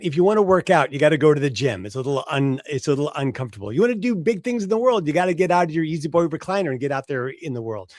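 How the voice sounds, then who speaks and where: A man in his element as a guest sales coach, his voice rising and falling with lively emphasis. He keeps checking in with a quick "right?" as he makes each point. The sound is close and dry, with no room around it. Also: on the high side, dry recording. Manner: emphatic, often adds "right?". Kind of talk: conversational interview answer.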